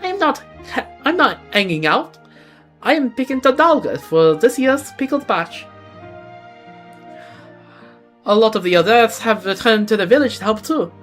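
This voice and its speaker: A woman voicing a gentle, small female fairy-like creature in a game, speaking softly and sweetly. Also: medium pitch, big pitch swings, fast talker, faint music behind, pitched above the performer's own voice.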